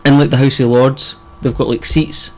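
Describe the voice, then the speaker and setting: A young Scottish man co-hosting a casual podcast, his voice sitting at an ordinary middle pitch. He rambles through his points with plenty of fillers, restarts and offhand swearing. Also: level tone, normal speed, rough recording. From Scotland. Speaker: podcast co-host. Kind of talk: casual chat.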